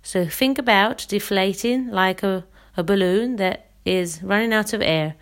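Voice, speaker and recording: Slow, calm woman teaching breathing. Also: medium pitch. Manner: slow, calm, instructive, counts and demonstrates. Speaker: singing teacher. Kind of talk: guided breathing exercise lesson.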